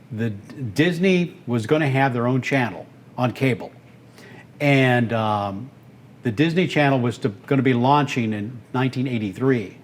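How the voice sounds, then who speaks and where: A man in his seventies from Texas, an animated storyteller and voice actor being interviewed on a podcast. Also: mid-range voice. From Texas, United States. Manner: animated, breaks into character voices. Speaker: guest, voice actor and radio host.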